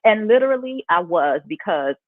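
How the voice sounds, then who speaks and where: A woman hosting a podcast, telling a personal story in an animated way and laughing as she goes. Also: medium pitch, moderate pace, no room sound. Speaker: podcast host. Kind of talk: casual interview chat. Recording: tinny phone-like dry audio.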